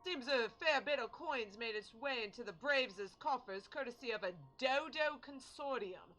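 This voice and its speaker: A woman voicing game dialogue as a gruff male sea captain with a put-on Cockney accent, swearing and using rough slangy grammar. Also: a little high, expressive, moderate pace, sharp tone, soft background music, low-quality recording. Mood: scheming.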